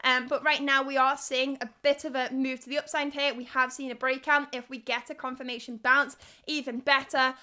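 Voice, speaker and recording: A woman's voice: sits high, flat delivery, brisk, sharp tone, clean tone. A young woman with a Liverpool accent hosting a live crypto news stream, chatty and reading viewer comments aloud. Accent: Liverpool (Scouse). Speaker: livestream host.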